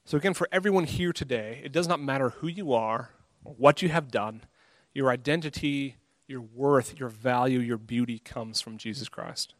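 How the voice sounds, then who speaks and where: A man's voice: medium pitch, no echo. Earnest man preaching. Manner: earnest, conversational, self-deprecating, acts out inner thoughts. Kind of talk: sermon.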